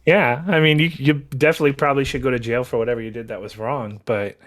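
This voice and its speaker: A man's voice: medium pitch, steady tone, fast talker. A man chatting as a guest on a podcast, with an ordinary mid-range voice. He talks in a laid-back way, stretching out his phrases and starting them over. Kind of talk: casual chat.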